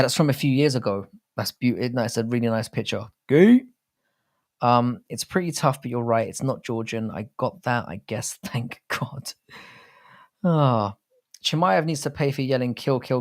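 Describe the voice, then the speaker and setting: A young man hosting a casual live chat, reading viewer comments aloud, over-enunciating his words and swearing freely in crude banter. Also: mid-range voice. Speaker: livestream host.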